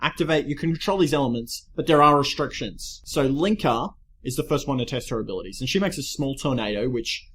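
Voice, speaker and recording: Male co-host, mid-pitched, walks through the plot and analyzes it as he goes. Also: a little fast, few pauses, a bit bright, a little hiss or hum. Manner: summarizes the plot point by point and comments analytically. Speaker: podcast co-host. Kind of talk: casual recap chat.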